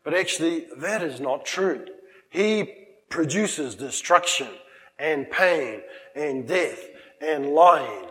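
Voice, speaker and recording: A man's voice: fairly high pitch, lively intonation, slow, fairly bright tone, long reverb tail, poor audio. A man preaching a sermon, emphatic and with playful humorous asides. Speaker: pastor. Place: church.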